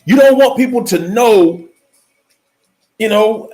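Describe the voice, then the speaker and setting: A man giving a motivational speech in an emphatic, repetitive preaching cadence, slowing down to stress key words, with faint music behind. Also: extremely high pitch, a little mellow. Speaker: motivational speaker.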